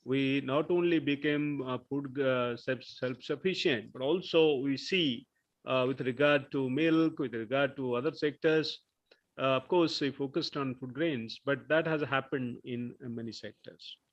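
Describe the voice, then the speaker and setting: A man giving a session chair's closing remarks, halting and full of filler sounds. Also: mid-range voice. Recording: muffled lo-fi sound.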